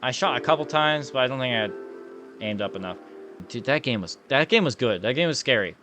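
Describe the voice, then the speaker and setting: A young man giving jittery, excitable horror gameplay commentary, often saying "dude". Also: mid-range voice, brisk, over music.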